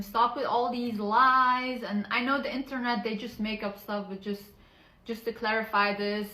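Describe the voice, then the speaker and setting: Defensive woman clearing things up, bright sharp voice, kinda high, echoey room. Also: steady tone, moderate pace, slight background noise. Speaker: sister defending a relative. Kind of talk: clip of a personal statement video.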